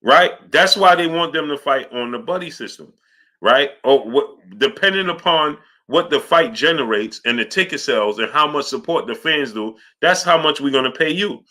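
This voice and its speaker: A man's voice: on the high side, moderate pace. A man hosting a live boxing talk stream, reading out super chats and arguing his point with repeated "right?" checks. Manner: animated, repetitive, asks "right?" often.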